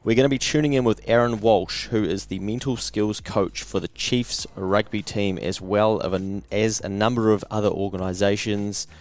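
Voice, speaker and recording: A man's voice: on the low side, fairly even intonation, normal speed, few pauses, a little mellow. A man with a New Zealand accent hosting a podcast, upbeat, blokey and enthusiastic. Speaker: podcast host. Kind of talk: podcast interview.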